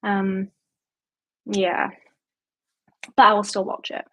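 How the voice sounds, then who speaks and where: A young woman with a Yorkshire accent hosts a casual book-chat livestream, reading out viewer comments and answering them in a relaxed, rambling way, with a lot of "like" and "um". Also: mid-range voice, takes it slowly, pauses often. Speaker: booktube host.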